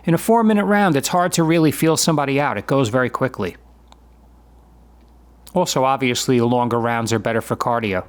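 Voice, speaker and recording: A man's voice: mid-range voice, brisk. A man in his fifties narrating and explaining his own grappling sparring footage in a matter-of-fact, conversational way. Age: 50s. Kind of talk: voice-over commentary on a sparring video.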